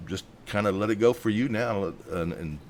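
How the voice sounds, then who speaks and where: A man's voice: on the low side, normal speed, slight background noise. A man hosting a news commentary, indignant and worked up. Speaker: host.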